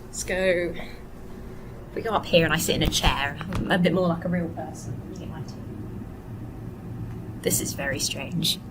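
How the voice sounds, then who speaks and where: A tired woman vlogging casually from a hotel room into a laptop webcam, rambling and soft-spoken, sometimes drifting into whispers. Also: fairly even intonation, moderate pace, long pauses. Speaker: vlogger and actor. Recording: noisy low-quality webcam audio.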